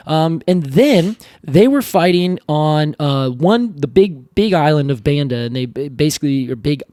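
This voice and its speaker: A man with a fairly high voice co-hosts a podcast, spinning a history tale in a casual, animated way. He slips into quick acted-out voices for the people in his story. The recording is dry and close, with no room sound. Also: no echo. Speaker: podcast co-host. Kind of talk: casual educational chat.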